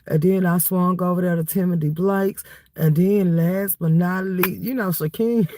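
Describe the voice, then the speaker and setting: A woman's voice: fairly low pitch, normal speed, background noise. A woman hosting a livestream, chatting casually and laughing as she gossips, tired and cold. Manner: animated, laughing gossip with frequent "baby" and "y'all". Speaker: livestream host.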